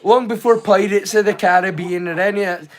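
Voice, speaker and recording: A man's voice: high-pitched, fairly even intonation, brisk. A Scottish man hosting a livestream, chatting casually to his viewers in a rambling, sweary way and laughing easily. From Scotland. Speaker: livestream host. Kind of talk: casual chat.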